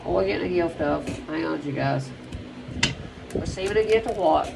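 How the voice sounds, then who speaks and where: A woman's voice: sits low, a little fast, vocal fry, background noise. A woman giving a casual spiritual card reading to her viewers, rambling and swearing as she talks straight at them. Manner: rambling and profane, addresses viewers directly.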